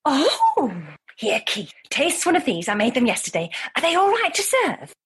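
A woman's voice: sits high, wildly swooping pitch, moderate pace, fairly bright tone, exaggerated voice. An actress playing a fussy, flustered woman helping to run an amateur show in a comedy audio drama.

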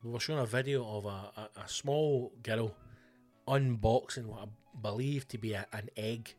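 Sweary Scottish comedian telling stories. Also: male voice, mid-range voice, normal speed, a little mellow, faint music behind. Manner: sweary, blunt, ranting. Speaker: comedian and podcast host. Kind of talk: casual comic storytelling monologue.

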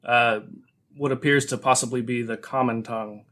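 A man running a tabletop game as game master, narrating slowly between giggles. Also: mid-range voice, steady tone, fairly bright tone.

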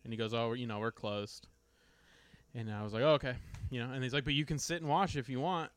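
A man's voice: medium pitch, fairly even intonation, fast, fairly bright tone, clean tone, no room sound. An American man chatting casually on a podcast, telling a story with lots of likes and you-knows. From United States. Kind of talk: casual chat.

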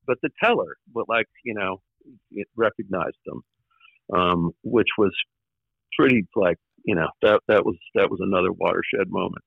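A man guest in an interview, recalling his years in the record business in a halting way, with many fillers and restarts and the odd wry laugh. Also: sits low, creaky, dry recording, narrow, tinny audio. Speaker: former record label executive, guest. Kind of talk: conversational interview storytelling.

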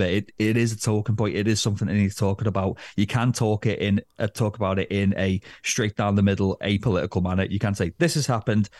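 Male podcast co-host, deep-ish voice, loose rambling chat, dry close sound. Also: darkish tone, no echo. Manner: rambling, hedging with fillers. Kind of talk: casual football chat.

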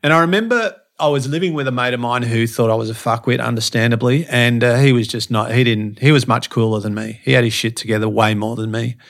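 Talking fast with hardly any pauses, a middle-aged man shares life stories as a podcast guest. He's a fitness and behaviour speaker with a mid-range voice, and his casual, profane, frank telling is broken by many restarts and fillers.

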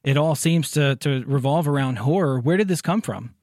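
A man co-hosts a relaxed interview with a fairly high voice, telling anecdotes with emphatic energy. The sound is close and dry. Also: normal speed, no echo. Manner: animated, emphatic storyteller. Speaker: podcast co-host. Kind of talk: casual anecdote and interview questions. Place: around a table with guests.

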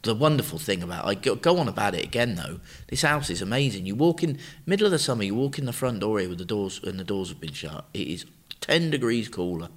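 A man's voice: on the low side, expressive, fast talker. A man, co-hosting a podcast in casual chat, easygoing and reflective, given to rambling. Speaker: podcast co-host.

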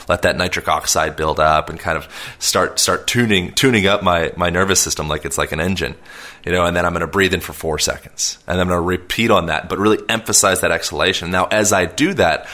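A man's voice: deep voice, fairly quick, bright, forceful tone. A man talking casually as a podcast guest, explaining at length with many fillers and restarts. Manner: rambling, filler-heavy, self-aware long-winded talk.

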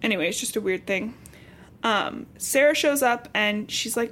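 A woman from Cincinnati co-hosting a podcast, casually recapping a book with lively, profane asides. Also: a little high, normal speed. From Cincinnati, USA. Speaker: podcast co-host.

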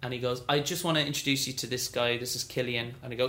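Animated man in a roomy space. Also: mid-range voice, quick pace, few pauses, a little hiss or hum. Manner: animated, acts out quoted voices. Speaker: guest. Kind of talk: storytelling interview.

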